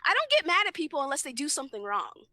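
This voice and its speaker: A young woman with a naturally loud voice, co-hosting a podcast and venting bluntly with plenty of swearing in casual chat. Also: high-pitched, huge pitch swings, fast talker, no room sound. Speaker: podcast co-host.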